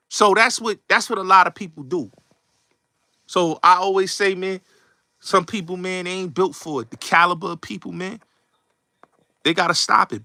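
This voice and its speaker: A man's voice: high-pitched, creaky, pushed and bright, dry recording, studio quality. A man hosting a show, delivering a blunt, repetitive, streetwise commentary rant. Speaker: show host.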